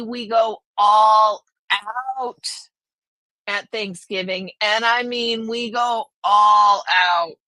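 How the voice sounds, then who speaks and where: A woman's voice: fairly high pitch, sharp tone, no echo. A woman hosting a casual live stream, chatting with viewers and reading their names aloud. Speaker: livestream host.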